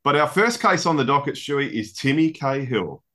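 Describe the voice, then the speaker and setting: A man co-hosting a casual sports podcast, chatty and quick to laugh, with mock-legal banter. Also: medium pitch, animated, a bit bright. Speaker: podcast co-host.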